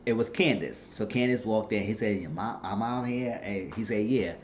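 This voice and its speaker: A man casually recapping a TV drama episode, animated and profane, acting out what the characters say. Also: on the low side, normal speed, muffled recording, slight background noise. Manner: animated retelling, frequent cursing, acts out characters' lines. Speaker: TV episode reviewer.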